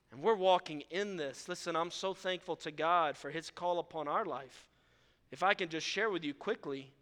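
Male pastor, high clear voice with a bright edge, preaching from a church stage, lively and self-mocking, reverberant sanctuary sound. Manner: animated storytelling preacher, self-deprecating. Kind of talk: sermon. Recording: long reverb of a large hall.

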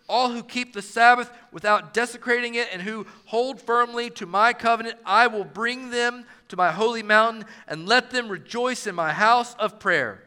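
Male pastor, sermon, emphatic, crisp clear voice, high pitch. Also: pushed and bright. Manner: emphatic, repeats phrases with shifting stress; reads scripture aloud then explains it.

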